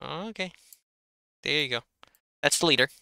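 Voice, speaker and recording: A man's voice: on the high side, moderate pace, gravelly, sharp tone, clean tone, no echo, low-quality recording. A man narrating as game master of a tabletop game, chatty and loose with plenty of fillers.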